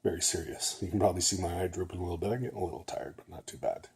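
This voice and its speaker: A man's voice: sits low, very fast, darkish tone, slightly rough. An older man, a retired nurse, talking casually to camera in a rambling way, a little nasal and often checking in with "okay?". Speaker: vlogger.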